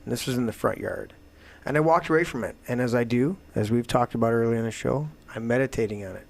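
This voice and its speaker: A man hosting a talk show, delivering a heated, profane political rant that swings into loud outbursts. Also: mid-range voice, quick pace, creaky. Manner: profane, emphatic, swings to shouting. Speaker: show host.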